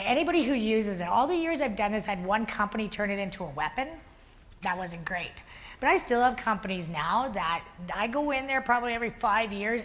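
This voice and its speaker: A woman leading a workplace workshop, explaining ideas and telling animated stories to a group in a meeting room. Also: medium pitch. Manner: animated storytelling with acted-out quotes. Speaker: workshop facilitator. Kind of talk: workshop teaching.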